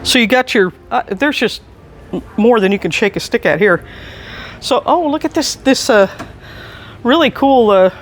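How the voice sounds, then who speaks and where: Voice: mid-range voice, lively intonation, moderate pace, pauses often, a little hiss or hum. A chatty, enthusiastic staff member giving a casual walking tour indoors in a large antiques mall. They chuckle often and are recorded on a handheld camera while walking.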